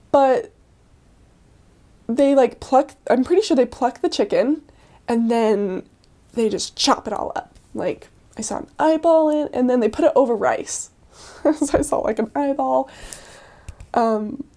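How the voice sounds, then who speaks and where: A woman's voice: sits high, dark tone. A young woman telling stories in a casual, chatty way, with frequent "like" and "um" and laughs along the way. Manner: chatty, full of "like" and "um", laughs often. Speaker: returned missionary. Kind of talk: casual storytelling.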